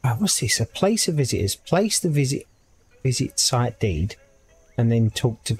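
Lively man chatting through a game. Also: medium pitch, normal speed, a little hiss or hum. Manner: chatty, thinks aloud, reads game text out. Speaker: gaming video creator. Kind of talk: casual let's-play commentary.

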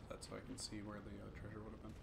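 A man's voice: fairly low pitch, completely flat delivery, rapid-fire, creaky, background noise. A man co-hosting a let's play, joking and laughing casually while he plays. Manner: joking, playful, hums and laughs. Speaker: let's play co-host, playing. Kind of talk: casual gameplay chat.

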